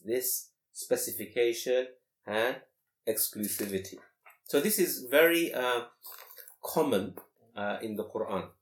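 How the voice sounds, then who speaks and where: A man teaching a class on Quranic grammar, explaining with many rhetorical questions and quick Arabic recitation. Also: medium pitch. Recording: echoey room.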